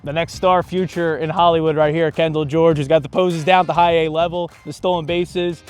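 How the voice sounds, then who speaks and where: A male host interviewing a ballplayer in an upbeat, chatty, excitable way. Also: fairly high pitch, fairly quick, smooth, soft background music. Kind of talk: casual interview.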